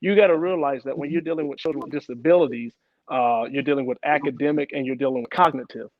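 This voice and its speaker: A young man giving a personal account in an interview, halting, with many restarts and repeated words. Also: mid-range voice, no echo. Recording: dull lo-fi sound, dry.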